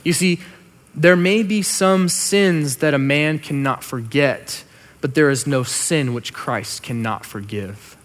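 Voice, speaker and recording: A male pastor delivering a sermon with slow, emphatic lines and soft, hushed asides. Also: on the high side. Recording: long hall reverb.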